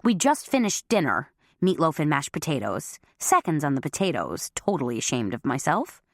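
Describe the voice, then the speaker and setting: A woman's voice: deep voice, sing-song, moderate pace, dry recording, studio quality. A woman reading a first-person audiobook, with a wry, self-mocking manner. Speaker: audiobook narrator.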